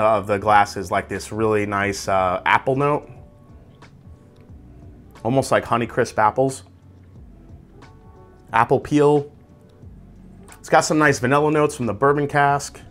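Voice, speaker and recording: Man, whiskey reviewer, casual tasting talk, relaxed, conversational, medium pitch, soft music underneath. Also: measured pace, pauses often. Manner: conversational, relaxed, savoring tasting notes aloud. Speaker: whiskey reviewer, channel host.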